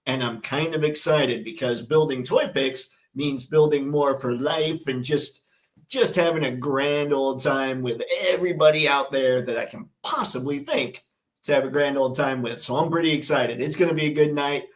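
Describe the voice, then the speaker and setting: A man hosting a casual live stream, chatty and excitable, reading viewer comments and news aloud. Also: mid-range voice, moderate pace, low-quality recording. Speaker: livestream host.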